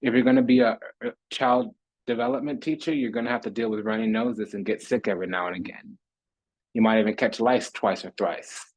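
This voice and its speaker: Man, tarot reader, preachy, repeats himself in rhythmic lists, husky voice, dry close sound. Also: lowish voice, steady tone, fairly quick, dry recording, rough recording. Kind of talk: spiritual tarot reading monologue.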